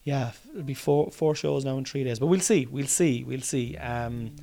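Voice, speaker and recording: A man's voice: medium pitch, moderate pace, creaky, warm tone. An Irish man hosting his own podcast in a rambling, tired, casual diary style, swearing often and restarting sentences. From Ireland. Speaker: podcast host.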